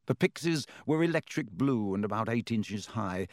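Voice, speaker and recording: A man narrating a story aloud in a lively, expressive reading style. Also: on the low side, moderate pace, few pauses, dry recording, studio quality. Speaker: audiobook narrator. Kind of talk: scripted narration.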